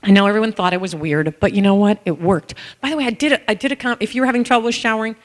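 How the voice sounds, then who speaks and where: A woman speaks to a room full of people in a lively, candid storytelling manner, sometimes slipping into bits of song. Her voice sits at an ordinary middle pitch. The sound carries the long, ringing reverb of a large hall. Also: racing. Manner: animated and candid, breaks into song snippets. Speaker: author and caregiver speaking to an audience. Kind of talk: conference talk, personal storytelling.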